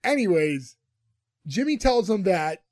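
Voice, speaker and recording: A man's voice: sits high, big pitch swings, a little slow, a little mellow, no room sound, studio quality. A man co-hosting a podcast, casually retelling a TV episode and laughing often. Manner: chatty, laughs often while retelling scenes. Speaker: podcast co-host recapping a TV episode. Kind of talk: casual chat.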